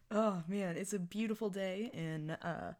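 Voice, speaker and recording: A Texas woman in her early twenties hosts her own podcast, chatting casually in a mid-range, somewhat mellow voice. She rambles, pokes fun at herself, and laughs often.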